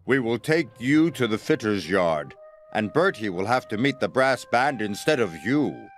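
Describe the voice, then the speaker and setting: A man's voice: medium pitch, very animated, normal speed, natural voice. A man playing a firm railway boss. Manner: firm, matter-of-fact. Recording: music playing behind.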